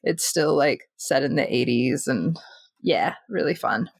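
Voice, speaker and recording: A woman's voice: extremely low pitch, animated, measured pace, gravelly, no room sound. A woman co-hosting a podcast in casual chat, chatty with many fillers and laughs. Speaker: podcast co-host.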